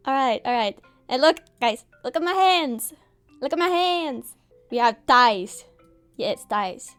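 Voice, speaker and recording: A young VTuber speaks slowly in a high, expressive, smooth voice with a fairly bright tone over soft background music. She's showing off her avatar, bubbly and giggly, with lots of exclamations and excitable, playful stream chat.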